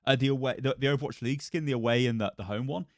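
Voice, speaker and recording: A man's voice: mid-range voice, very fast, dry recording, clean studio sound. A man hosting a casual live co-stream, chatting and laughing often while reading out the chat.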